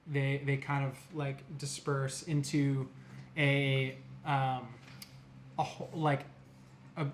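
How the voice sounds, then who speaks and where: Young male game master, unhurried and halting, faint noise behind. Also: medium pitch, fairly bright tone. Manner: halting, many fillers and restarts. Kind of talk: narrating a tabletop game.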